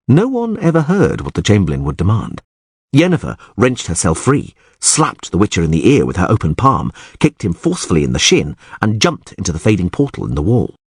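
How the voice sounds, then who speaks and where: A man narrates an audiobook in a husky, lowish voice. His reading is dramatic, and his pitch swings widely. The sound is close and dry. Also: no echo. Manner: dramatic, highly expressive reading.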